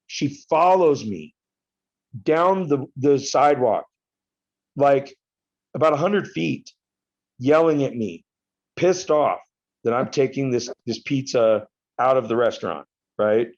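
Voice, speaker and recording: A man in his fifties telling a story as a podcast guest, in an animated and profane way. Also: mid-range voice, takes it slowly, long pauses, highs cut off. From United States. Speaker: podcast guest, retired wrestler. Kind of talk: casual storytelling interview.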